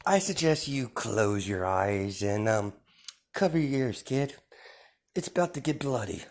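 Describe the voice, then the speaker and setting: A man voicing a calm, menacing young male killer with glowing eyes, speaking quietly and slowly. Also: medium pitch, close to an everyday voice. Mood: quiet menace.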